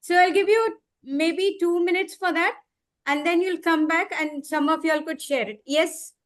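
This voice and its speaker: A high-voiced woman trainer leads a live online workshop, patiently explaining each step. She repeats key words and slows down to spell out her examples. Her audio comes through a computer mic on a video call.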